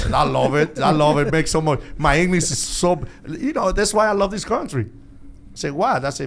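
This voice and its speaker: Lively, laughing man with loose English. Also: fairly high pitch, normal speed, vocal fry. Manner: animated, laughs often, loose non-native English grammar. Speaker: guest. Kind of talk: casual podcast chat. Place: podcast studio.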